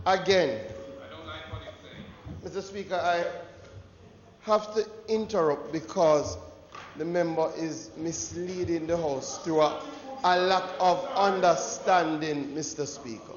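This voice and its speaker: A Jamaican man, a member of parliament, raising a point of order in an insistent, combative way. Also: fairly high pitch. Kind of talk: parliamentary objection. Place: large parliament chamber. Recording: dull echoey chamber audio with crowd murmur.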